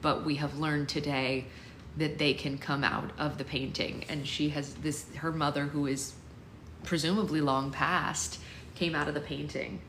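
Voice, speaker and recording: A woman's voice: low voice, little pitch movement, a little slow, a bit bright, roomy sound, slight background noise. A woman hosting a book club, reading a novel aloud and chatting casually with listeners between passages. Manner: chatty, laughs at the text, asides to listeners. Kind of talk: casual read-aloud with chat.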